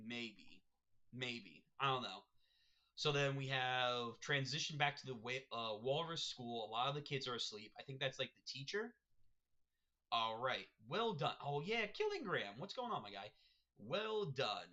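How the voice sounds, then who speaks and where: A man reacting live to a manga chapter, reading panels aloud with excitable running commentary. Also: mid-range voice, measured pace, lo-fi sound.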